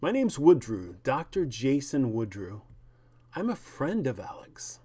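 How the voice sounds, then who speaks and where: A man doing a calm, formal scientist. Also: mid-range voice, measured pace, slightly rough, voice pushed up. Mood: composed. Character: smooth, composed middle-aged male botanist.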